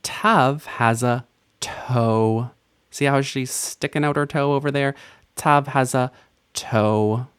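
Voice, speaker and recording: Man, language teacher, slow-paced, playful, self-mocking. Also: mid-range voice, fairly even intonation, fairly bright tone, smooth. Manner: playful, self-mocking, laughs at own jokes. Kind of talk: recorded language lesson.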